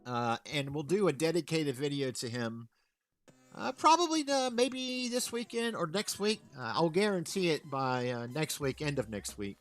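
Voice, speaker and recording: A man's voice: fairly high pitch, expressive, normal speed, faint music behind. Laid-back man hosting a stream. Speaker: stream host. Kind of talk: casual commentary.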